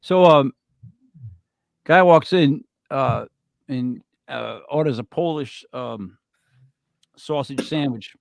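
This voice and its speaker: A man co-hosting a casual podcast chat, telling jokes with plenty of fillers and animated delivery. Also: mid-range voice, slow pace, creaky, long pauses, no room sound. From Italian-American family. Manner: joking storyteller, animated joke delivery with many fillers. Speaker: podcast co-host.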